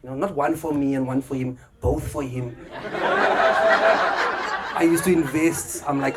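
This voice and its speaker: A South African comedian on a comedy club stage talks with the crowd and acts out voices in his anecdotes as the audience laughs. He has a medium pitch, fairly even intonation, and an unhurried delivery with frequent pauses.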